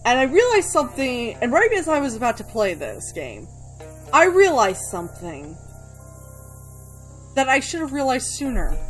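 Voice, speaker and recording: A woman hosting a let's play, chatting casually and swearing freely while she reads the game's dialogue aloud. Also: on the high side. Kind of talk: gameplay commentary.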